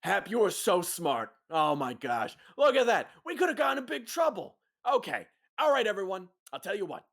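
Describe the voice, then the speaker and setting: A man voicing a boisterous male ringleader who talks loudly and eagerly. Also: sits high, very animated, normal speed, gravelly, hardly any pauses, voice pushed up, heavily acted.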